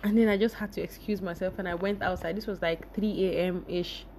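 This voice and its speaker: A woman's voice: fairly low pitch, steady tone, a little fast, a little mellow, slight background noise. A young woman vlogger telling her viewers an emotional personal story and speaking to them directly.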